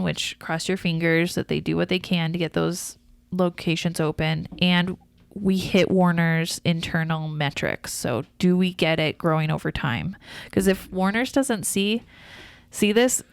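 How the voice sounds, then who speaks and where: A woman co-hosting a podcast in a casual discussion, explaining things at length with plenty of fillers and restarts. Her voice sits low with a gravelly edge. It comes through smooth and dry. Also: measured pace, no room sound. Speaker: podcast co-host.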